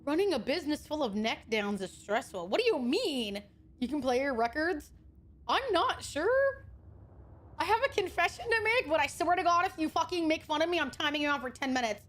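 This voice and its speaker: A woman streamer chatting casually with her viewers, excitable and swearing a lot, with loud outbursts. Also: sits high, brisk. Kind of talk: casual live-stream chat.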